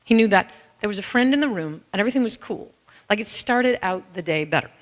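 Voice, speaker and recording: Animated woman speaker in a reverberant hall. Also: mid-range voice, fast talker. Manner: animated and candid, breaks into song snippets. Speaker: author and caregiver speaking to an audience. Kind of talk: conference talk, personal storytelling. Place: large hall with an audience.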